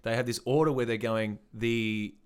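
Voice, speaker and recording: A man's voice: mid-range voice, fairly even intonation, normal speed, clean tone. A man co-hosting a comedic debate podcast in front of a live audience, joking and wisecracking. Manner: joking, wisecracking, acts out voices. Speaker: podcast co-host.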